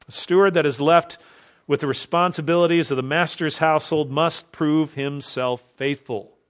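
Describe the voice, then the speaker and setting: Man preaching with pressing rhetorical questions. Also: a little high. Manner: emphatic, strings of rhetorical questions. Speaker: pastor. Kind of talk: expository sermon.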